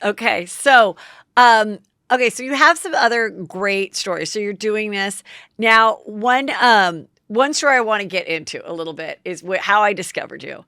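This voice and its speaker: A woman's voice: mid-range voice, animated, normal speed, sharp tone, clean tone, no room sound, clean studio sound. A woman hosting a podcast, prompting her guest with short questions in casual chat. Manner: prompting, reacts with gasps. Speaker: podcast host.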